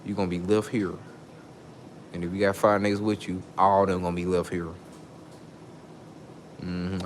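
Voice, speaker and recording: A man with a low-set voice vents straight to camera in a heated monologue. He swears freely, and his voice leaps up sharply when he gets worked up. A faint background hum sits under his talk. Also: flat delivery, moderate pace, pauses often. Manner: angry ranting, swearing, voice leaping up when worked up. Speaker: vlogger.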